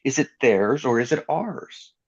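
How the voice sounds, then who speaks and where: A man hosting a reflective group conversation on a video call, musing aloud and slowing his words for emphasis. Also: medium pitch, lively intonation, muffled recording.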